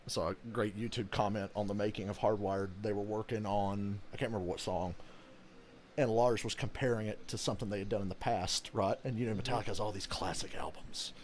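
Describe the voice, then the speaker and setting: A man's voice: lowish voice, a little fast. A man hosting a live game reaction, chatting casually with a friend and swearing freely as he tells stories. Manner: profane, animated storyteller who laughs a lot.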